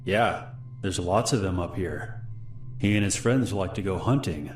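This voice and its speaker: A guarded young girl who keeps her answers short and careful, as a man reads her lines. The voice stays deep and low, close to a plain narrating voice. Faint music runs underneath. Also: a little slow, reverberant. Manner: cautious, curt, improvising.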